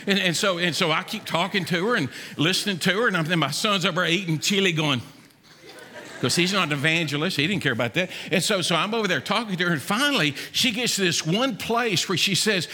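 A Southern US pastor in his fifties preaches with a folksy, storytelling flair. His voice sits high and bright for a man. It carries a long reverb from a large hall. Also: fast. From Mississippi. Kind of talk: sermon. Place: church sanctuary.

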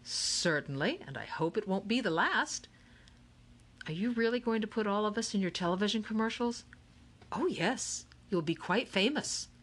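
A woman's voice: mid-range voice, lively intonation, moderate pace, fairly bright tone, pitched above the performer's own voice. A woman voicing an eccentric, cheerful game-maker man who speaks with grand, theatrical courtesy. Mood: grandly courteous.

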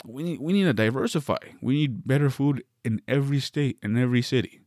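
A man's voice: medium pitch, fairly quick, darkish tone, no echo, studio quality. A man from the West Coast, hosting a solo podcast, riffing through a meandering, wry comedic monologue with many self-interruptions.

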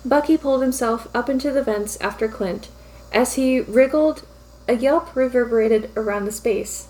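A woman narrating a fan fiction story aloud in a brisk, lightly amused storytelling manner. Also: on the high side, a little mellow, poor audio.

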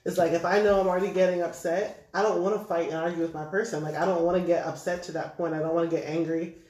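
A man's voice: fairly high pitch, little pitch movement, quick pace, darkish tone. A man talking loosely in a casual group chat, rambling and laughing often. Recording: echoey room, off-mic, faint noise.

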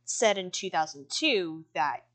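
A woman's voice: on the low side, expressive, measured pace, fairly bright tone. A woman co-hosting a podcast in a casual chat, reading from notes with a chatty, easygoing manner. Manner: chatty, laughs often, reads out notes. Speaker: podcast co-host.

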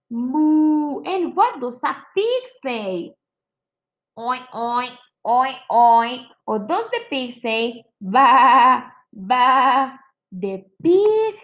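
A woman's voice: sits high, fairly bright tone, lo-fi sound. A woman teaching young children a lesson in an exaggerated, sing-song manner, imitating animal sounds. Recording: clear background noise.

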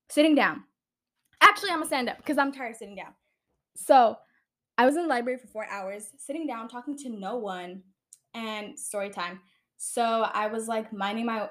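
A woman's voice: fairly high pitch, fairly bright tone. A young woman hosting her own podcast, talking casually and bluntly, exasperated and swearing freely as she rants. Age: young adult. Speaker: podcast host.

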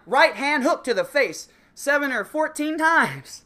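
A man's voice: very high voice, big pitch swings, moderate pace, hardly any pauses, sharp tone. A man delivering a profane, sarcastic comedic rant, swearing constantly. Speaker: comedic ranter.

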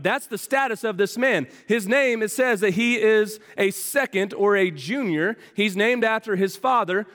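High-voiced preacher in a reverberant church. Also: male voice. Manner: preaching with rhetorical questions, swinging from loud to hushed. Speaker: pastor. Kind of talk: sermon. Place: church sanctuary.

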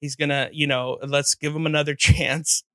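Male podcast host, slightly high, bright and forceful, casual reactive chat. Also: little pitch movement, no echo, clean studio sound. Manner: quick reactive listener who laughs readily.

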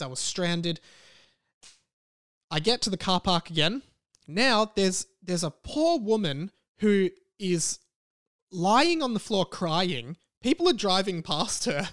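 A young man, hosting a podcast and telling a long story in a casual, rambling way, animated and venting. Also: high voice, no echo, studio quality. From Australia. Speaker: podcast host.

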